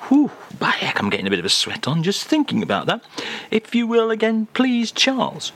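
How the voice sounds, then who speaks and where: A man's voice: sits high, sing-song, normal speed, sharp tone. A man presenting a comic radio show with playful, mock-grand patter.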